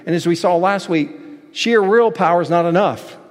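A man's voice: sits high, moderate pace. Emphatic male pastor in echoing hall. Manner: emphatic preaching with rising shouts and soft asides. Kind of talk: sermon. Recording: long reverb of a large hall.

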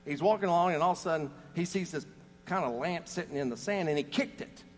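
A man's voice: a little high, fast, big-room sound, faint music behind. A man preaching a sermon, telling jokes and stories between scripture readings. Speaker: pastor.

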